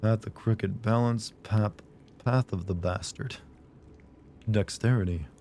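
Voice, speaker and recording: Hoarse low-voiced man streaming games. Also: takes it slowly, warm tone, a little hiss or hum. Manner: rambling, jokey, chats with viewers. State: hoarse from a sore throat. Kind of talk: casual gameplay commentary.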